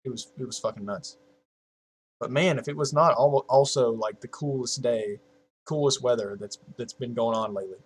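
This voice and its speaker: A man's voice: medium pitch, moderate pace, breathy edge. A man of twenty-one chatting casually to his viewers from a home setup, rambling, swearing freely and laughing at his own jokes. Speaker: YouTuber.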